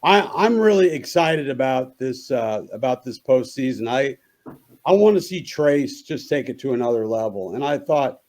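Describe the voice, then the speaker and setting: Hoarse-voiced man on sports radio. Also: mid-range voice, animated, normal speed, darkish tone. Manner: opinionated, many restarts. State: hoarse morning voice. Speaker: sports columnist guest.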